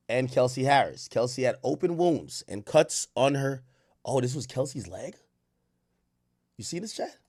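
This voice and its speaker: A man hosting a casual stream, talking to his chat in animated, profane commentary and acting out quotes. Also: mid-range voice, no echo, clean studio sound. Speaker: streamer host.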